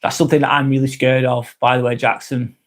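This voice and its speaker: This live vlog host speaks fast in a medium-pitched, level voice. His casual stream talk is earnest and sympathetic, full of swearing and restarted sentences.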